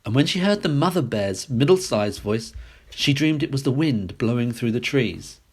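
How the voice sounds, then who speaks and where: A man reading a classic fairy tale aloud as a storyteller, expressive and sing-song. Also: mid-range voice, normal speed, breathy edge.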